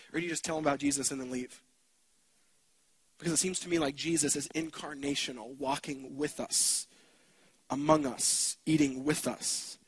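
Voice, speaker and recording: A man delivering a sermon in a conversational, emphatic way, often asking his listeners questions. His voice is husky and slightly high, and he shifts between quick runs and slow, stretched phrases. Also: fairly bright tone, rough recording. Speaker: preacher.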